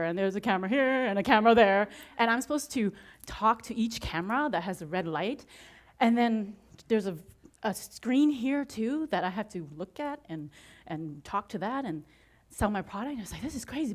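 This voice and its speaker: A woman giving an inspirational talk to an audience, telling her story with frequent laughter and acting out her own excited reactions. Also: a little high, moderate pace. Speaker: motivational speaker.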